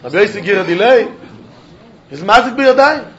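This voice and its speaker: Man, very high voice, Talmud lesson, lively questioning delivery, dull lo-fi sound. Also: moderate pace. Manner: lively, questioning, uses Yiddish and Hebrew terms. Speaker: Talmud teacher. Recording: dull lo-fi recording.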